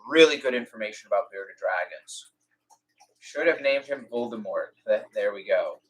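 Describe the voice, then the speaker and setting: A young man hosting a casual live-stream Q&A, chatty, acting out conversations in lively quoted voices. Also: lowish voice, moderate pace, rough recording. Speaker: reptile rescue host.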